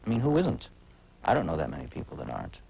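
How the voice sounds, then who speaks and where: A man in his forties with a very low, deep voice talks as a guest in a TV studio. His speech is wry and halting, full of restarts and uh's. He has a casual, conversational way of talking. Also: wildly swooping pitch, gravelly, a little mellow, slight background noise, rough recording. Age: 40s. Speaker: TV critic guest. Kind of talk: casual talk-show conversation. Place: TV talk show studio.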